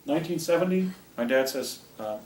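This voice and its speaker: An older man giving a talk and recounting a personal story, with a rambling, halting delivery full of restarts. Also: fairly high pitch, expressive, a little mellow. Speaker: speaker presenting images to an audience. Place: presentation room with a projector. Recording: echoey room, distant mic, faint hiss.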